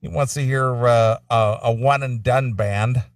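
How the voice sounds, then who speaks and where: A man's voice: mid-range voice, fairly even intonation, measured pace, no room sound, recorded from a distance. A man hosting a casual radio show, laughing easily and introducing callers and songs. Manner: laughing easily, takes calls.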